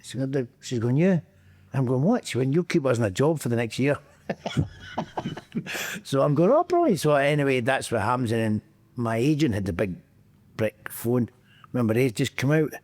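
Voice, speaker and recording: A man's voice: medium pitch, normal speed, long pauses, darkish tone. A middle-aged man with a Scottish accent, a podcast guest telling football anecdotes in casual chat, acting out quotes and laughing often.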